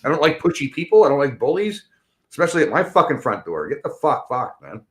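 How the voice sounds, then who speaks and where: A man's voice: fairly high pitch, big pitch swings, fast talker, fairly bright tone, slight background noise. A man ranting bluntly and angrily in a casual chat, swearing constantly. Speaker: podcast co-host.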